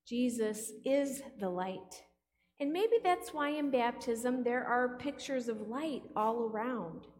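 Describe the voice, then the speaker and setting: A woman's voice: on the high side, lively intonation, slow pace, darkish tone. A woman pastor delivering a playful sermon, often putting questions to the congregation. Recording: long hall reverb.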